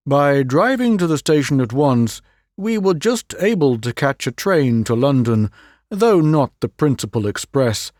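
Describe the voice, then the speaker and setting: A man narrating a classic detective story as an audiobook reader, measured and unhurried. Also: medium pitch, big pitch swings, a little mellow, dry recording, clean studio sound. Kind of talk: scripted narration.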